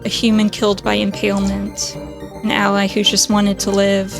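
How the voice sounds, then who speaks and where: A woman reading a visual novel aloud as a let's-play host, in a slow, measured way. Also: medium pitch, completely flat delivery, creaky, music in the background.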